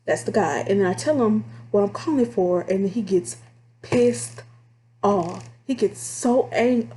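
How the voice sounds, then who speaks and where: A woman casually telling stories about her phone job to her viewers, chatty and animated. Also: mid-range voice, measured pace. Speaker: vlogger telling call-center stories. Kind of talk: casual storytelling to camera.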